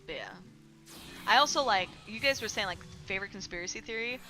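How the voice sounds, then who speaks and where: A woman's voice: medium pitch, animated, brisk, sharp tone, faint music behind. A woman streamer chatting casually with her live chat, rambling with lots of filler words and casual swearing.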